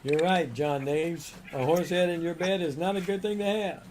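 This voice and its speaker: Male co-host, higher voice, wisecracking chat reader, noisy live-stream mic. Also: fairly even intonation, moderate pace. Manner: wisecracking, reads out viewer comments.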